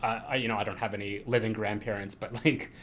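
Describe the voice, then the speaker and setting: A man's voice: on the low side, steady tone, a little fast, a bit bright, slight background noise. A man co-hosting a podcast in casual chat, rambling with lots of fillers and frequent laughs. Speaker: podcast co-host.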